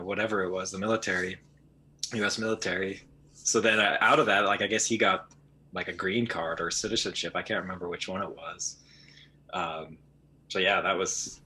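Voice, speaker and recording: Bright-voiced young man, rambling. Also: low voice. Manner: relaxed, rambling recollection with fillers. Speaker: podcast guest. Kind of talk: casual conversation.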